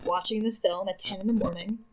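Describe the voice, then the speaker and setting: A woman's voice: mid-range voice, fairly even intonation, a little fast, poor audio. A woman co-hosting a podcast in casual chat, laughing often, swearing freely and rambling through her asides. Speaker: podcast co-host.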